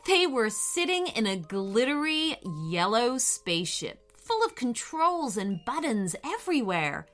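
A woman reading a children's story aloud in an expressive, unhurried way. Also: a little high, soft background music.

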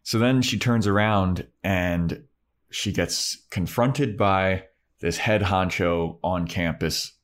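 A man's voice: low-pitched, slow. A man co-hosting a podcast, recapping an episode in breezy, profane casual chat. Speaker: podcast co-host.

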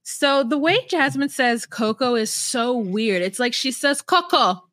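A woman's voice: a little high, measured pace, fairly bright tone, no room sound. A woman co-hosting a casual podcast about reality TV, playful and giggly, breaking into sung bits. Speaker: podcast co-host.

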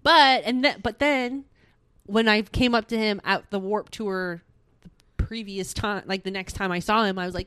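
A young woman telling a story in casual chat, animated and swearing, acting out what people said. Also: mid-range voice, moderate pace, clean tone, dry recording, studio quality.

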